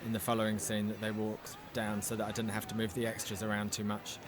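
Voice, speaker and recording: A man's voice: lowish voice, monotone, quick pace, very noisy. Man giving a reflective film commentary. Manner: reflective, with restarts. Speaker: film director. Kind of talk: audio commentary. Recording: commentary over film soundtrack.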